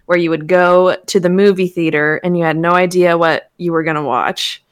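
A woman's voice: lowish voice, steady tone, normal speed, no echo, clean studio sound. A young woman chatting casually on a show, rambling with fillers and laughing often. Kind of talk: casual chat.

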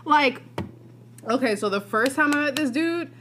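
A young woman co-hosting a podcast, telling a story in casual, profane, animated chat. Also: high-pitched, moderate pace, background noise. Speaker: podcast co-host.

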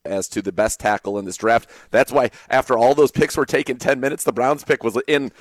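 A man co-hosting a sports talk show, talking in a steady, conversational way and backing up his co-host with short agreements. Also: mid-range voice, brisk, dry recording.

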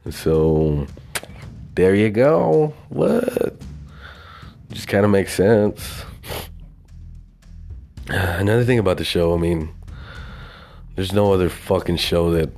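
Rambling low-voiced Southern man. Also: dark tone. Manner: rambling, swears often, laughs at himself. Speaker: podcast host. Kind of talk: casual solo podcast monologue.

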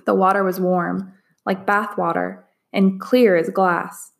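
A woman narrating a chapter book aloud in a measured, expressive reading. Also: medium pitch, vocal fry. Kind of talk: storybook read-aloud narration.

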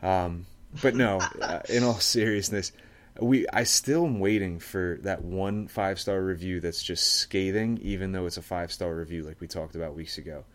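A man's voice: deep voice, steady tone, moderate pace. A man hosting a casual sports podcast, joking around with lots of fillers and laughter. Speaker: podcast host.

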